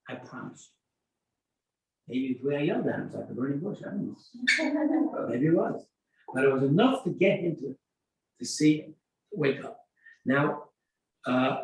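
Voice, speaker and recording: Older man, rabbi, animated storytelling, slightly high voice, roomy echo. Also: vocal fry. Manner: animated storytelling, acts out dialogue. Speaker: rabbi teaching a class. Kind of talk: informal Torah class. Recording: echoey room, mic at a distance.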